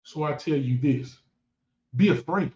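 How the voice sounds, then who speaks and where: A man whose voice is on the high side and a little mellow speaks somewhat slowly, recorded in an echoey room with dull lo-fi sound. A football fan vlogger, he delivers boastful, taunting trash-talk commentary.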